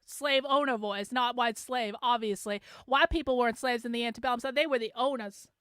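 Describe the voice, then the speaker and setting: A woman's voice: a little high, steady tone, fairly quick, a bit bright, smooth, no room sound, studio quality. A woman hosting a livestream, talking sarcastically and profanely to her chat. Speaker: host. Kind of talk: livestream commentary.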